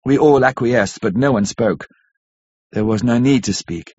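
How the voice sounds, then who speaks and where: Husky guy narrating an old novel, measured and dramatic, dull lo-fi sound. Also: medium pitch, a little mellow, no echo. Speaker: audiobook narrator. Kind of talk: scripted narration of a classic novel. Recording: dull lo-fi audiobook recording.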